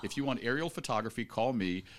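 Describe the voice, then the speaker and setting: A man's voice: mid-range voice, animated, fast, a little hiss or hum. A man from Virginia talking as a radio guest, enthusiastically promoting his PR agency. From Virginia, USA. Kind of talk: casual radio interview.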